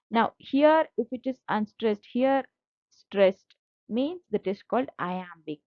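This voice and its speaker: A woman's voice: fairly high pitch, animated, slow pace, no echo. A woman teacher, explaining slides patiently and repeating points, with fillers. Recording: dull lo-fi dry audio.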